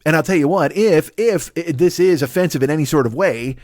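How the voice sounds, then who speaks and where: A man's voice: fairly high pitch, brisk, a little mellow, dry recording, studio quality. A man doing a rambling, profane comedy monologue. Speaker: stand-up comedian.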